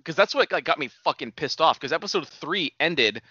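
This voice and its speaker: A man's voice: fairly high pitch, animated, brisk, pushed and bright, slightly rough, dry recording. A man bantering casually with a co-host, teasing and swearing, calling him buddy. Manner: teasing, profane banter, calls partner "buddy". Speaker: podcast co-host. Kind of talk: casual chat. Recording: dull lo-fi recording.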